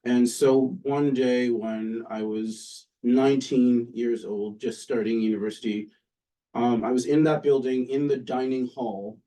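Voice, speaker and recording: A man, a political science professor, giving an academic talk in a relaxed, conversational way with frequent pauses and "um"s. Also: medium pitch, far from the mic, poor audio. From Canada. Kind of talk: academic lecture. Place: lecture room with an audience.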